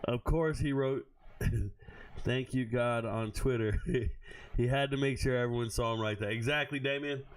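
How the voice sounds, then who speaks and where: A man's voice: mid-range voice, measured pace. Blunt, profane man doing live sports commentary. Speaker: sports analyst streamer. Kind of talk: casual livestream commentary.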